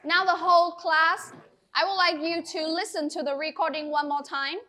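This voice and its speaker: Bright, high-voiced woman teacher. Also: steady tone, normal speed. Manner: encouraging, clear and instructive. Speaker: English teacher. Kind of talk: classroom teaching. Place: classroom.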